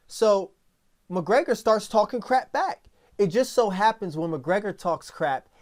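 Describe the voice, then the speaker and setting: A man hosting a podcast in casual talk, telling stories in a rambling, animated way with many restarts. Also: on the high side. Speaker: podcast host.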